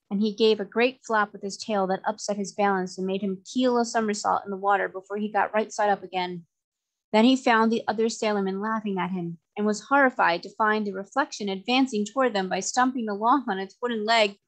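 A woman reads a children's novel aloud at a middle pitch, clear and measured with gentle expression. Her narration is steady and easy to follow. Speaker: story reader.

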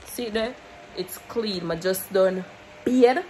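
A woman's voice: medium pitch, takes it slowly, warm tone, low-quality recording. Young jamaican woman rambling to her vlog camera, mixing patois in, bit of faint noise behind. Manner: chatty, mixes English with patois, laughs often. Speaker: YouTuber. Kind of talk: casual vlog chat to camera.

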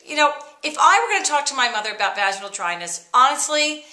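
Bright, high-voiced woman in sarcastic monologue. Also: fast, few pauses, echoey room. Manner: sarcastic, bursts into shrill mock excitement. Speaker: comedy vlogger. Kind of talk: comic monologue to camera.

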